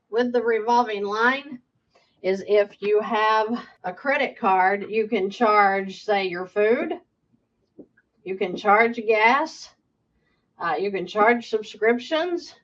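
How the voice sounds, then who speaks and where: A woman's voice: a little high, a bit bright, lo-fi sound. A woman, a financial coach, answers viewer questions emphatically and keeps checking in with "okay?". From United States.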